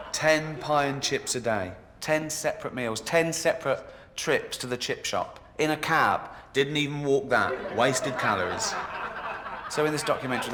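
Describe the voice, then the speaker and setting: A man doing a stand-up routine, mocking and sardonic, jumping into squeaky voices for the people in his jokes. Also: heavy background noise. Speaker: stand-up comedian. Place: comedy club stage in a video game. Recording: game audio, club reverb with crowd laughter.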